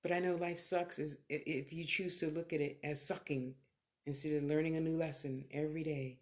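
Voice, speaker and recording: A woman's voice: sits low, fairly even intonation, fairly quick, a little mellow. Middle-aged woman doing a live stream as a psychic, blunt and earthy, swears a lot, easygoing talk. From California. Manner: candid, earthy, swears freely, talks in short reflective bursts. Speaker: clairvoyant medium answering viewers.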